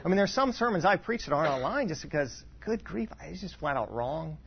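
A man in his forties, a pastor, preaching a sermon in an earnest, self-deprecating way, often restarting and clearing his throat. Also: on the high side, sing-song, a little fast, lo-fi sound, a little hiss or hum. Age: 40s.

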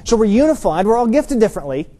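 Mellow-voiced man preaching a sermon. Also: sits high, very animated, quick pace. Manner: earnest, emphatic preaching, rising to stress key points. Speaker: pastor. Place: church.

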